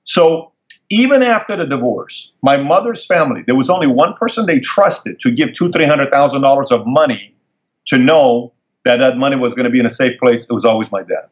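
A man telling a personal story as an interview guest, animated and acting out the people he quotes in a higher voice. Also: brisk. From Middle East. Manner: animated, acts out quoted dialogue in raised voice. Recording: dull lo-fi sound.

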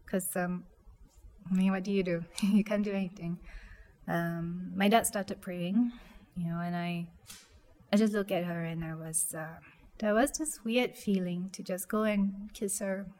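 A young woman quietly telling a personal story, halting with many fillers and restarts. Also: medium pitch, steady tone.

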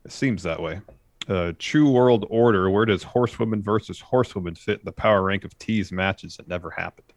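Man, lowish voice, relaxed co-host reading chat questions, dry close sound. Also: a little fast, dry recording. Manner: relaxed, agreeable, reads chat names aloud. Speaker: podcast co-host.

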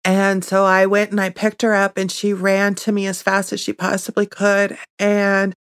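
A woman guest on a talk podcast telling her own story in an emotional, animated way, close to tears. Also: medium pitch, normal speed, clear, resonant tone. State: tearful. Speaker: guest, mother.

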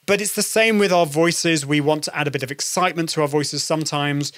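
A man hosting a podcast episode as a voice coach, talking listeners through warm-up exercises in an encouraging, demonstrative way. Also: brisk, few pauses, no room sound. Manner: encouraging, demonstrative, shifts pitch for examples. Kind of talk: instructional podcast talk.

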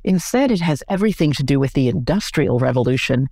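An American woman, a history professor, explaining things in a clear, measured lecturing manner during an interview. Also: very deep voice, lively intonation, a little mellow, dry recording, clean studio sound. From United States.

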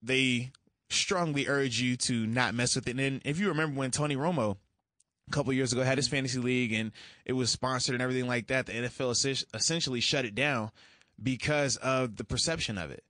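A man co-hosting a casual sports chat, excitable and emphatic, often saying "man". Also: mid-range voice, brisk, dry recording, clean studio sound. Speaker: co-host, retired football player.

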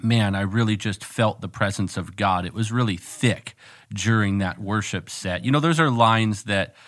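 A male co-host in a lowish voice asks long, earnest questions. He gropes for his words and restarts, then sums up what he means. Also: moderate pace, fairly bright tone. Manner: earnest, searching for words while asking questions. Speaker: podcast co-host. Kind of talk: conversational interview.

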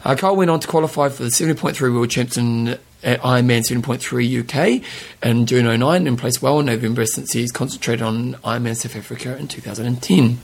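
Gravelly-voiced man hosting a chat show. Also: medium pitch, quick pace. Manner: laughing, joking, reads listener notes aloud. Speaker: podcast co-host. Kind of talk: casual chat.

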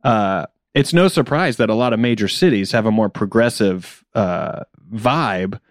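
A man's voice: fairly low pitch, measured pace, dry recording, clean studio sound. A young man from South Carolina with a general American accent, chatting casually as a comedian guest, rambling with restarts and frequent laughs. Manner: rambling, self-interrupting, laughs often. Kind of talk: casual podcast chat.

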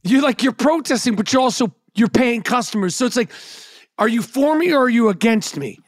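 A man's voice: very high voice, expressive, brisk, dry recording, studio quality. A middle-aged man, hosting a podcast, telling stories in a brash, profane way. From New York. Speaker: podcast host and comedian. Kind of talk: casual podcast chat.

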